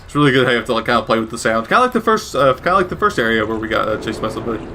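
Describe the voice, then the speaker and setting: A man's voice: medium pitch, big pitch swings, racing, sharp tone, slight background noise. A man giving casual, rambling gameplay commentary with wry asides and frequent self-corrections. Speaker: gaming commentator.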